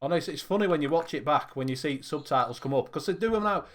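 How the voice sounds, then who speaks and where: A man's voice: on the high side, animated, quick pace, a bit bright. A man hosting a casual live stream, jokey and giggly, teasing the others. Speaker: live show host.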